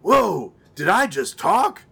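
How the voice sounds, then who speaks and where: A spaced-out male puppet musician with a slow drawl, as a man puts him on in a podcast chat. The voice sits fairly high for a man and stays baffled and easygoing. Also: sing-song, vocal fry, sharp tone, husky, full character voice. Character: dazed laid-back male sax-playing puppet musician. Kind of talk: comic impression in podcast chat.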